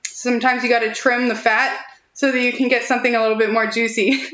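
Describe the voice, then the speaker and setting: A woman's voice: a little high, level tone, a little fast, fairly bright tone, roomy sound, muffled recording. A young woman giving a chatty, reassuring tarot reading on a live stream, giggling often between thoughts. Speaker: tarot reader.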